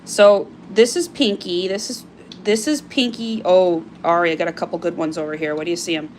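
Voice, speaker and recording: A woman's voice: fairly low pitch, steady tone, a little fast, slight background noise. A woman hosting a casual live-stream sale, chatty and gushing as she shows off items, with frequent fillers. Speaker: live-stream seller of crystal carvings.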